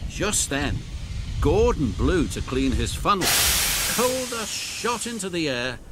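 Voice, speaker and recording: Slow, lively-pitched storybook narrator. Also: male voice, heavy background noise. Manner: warm storyteller, voicing every character. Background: music.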